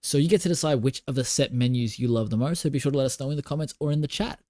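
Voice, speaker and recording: A man with an Australian accent, co-hosting a film podcast in a relaxed, agreeable way. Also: medium pitch, very fast, no room sound, studio quality. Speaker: podcast co-host. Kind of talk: casual chat.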